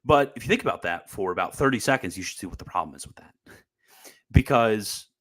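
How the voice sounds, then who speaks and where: A man's voice: fairly low pitch, expressive, a little fast, a bit bright. A young man giving casual, combative commentary on church teaching, sarcastic and full of restarts. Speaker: Catholic commentator.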